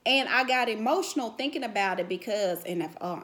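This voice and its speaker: A middle-aged woman vlogger telling a personal story to camera in a casual, animated way, full of "you know" fillers and growing emotional. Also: fairly high pitch, a little fast.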